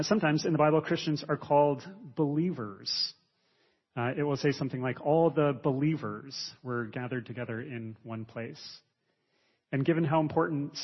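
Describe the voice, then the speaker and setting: A husky-voiced man preaches in a measured, teaching way, pausing often on small fillers. His sound is somewhat dull and lo-fi, carried by a long reverb from the church hall around him. The pitch sits in a middle range for a man. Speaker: pastor. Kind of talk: sermon.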